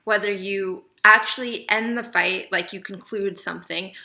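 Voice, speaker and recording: Bright-voiced woman giving chatty advice. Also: mid-range voice, fairly even intonation, normal speed, creaky. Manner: chatty and emphatic, checks in with "okay?". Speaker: relationship advice vlogger. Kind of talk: casual advice vlog.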